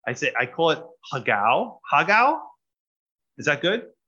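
Brief: male pastor, lively pitch, bright tone, muffled lo-fi recording. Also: husky. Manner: animated, pausing for interpreter. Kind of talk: sermon with live interpretation. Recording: dull lo-fi sound.

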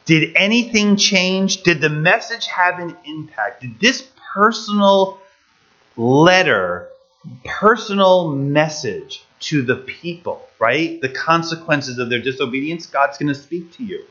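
Slow-spoken male preacher, lo-fi sound. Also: a little high, lively intonation, bright, forceful tone. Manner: asks the listeners many rhetorical questions. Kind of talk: sermon with live interpretation. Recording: dull lo-fi recording.

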